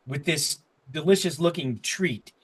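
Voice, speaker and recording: A man's voice: a little high, unhurried, slightly rough. A man narrating a tabletop game as game master, rambling with restarts as he describes the scene. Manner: rambling, full of fillers and restarts.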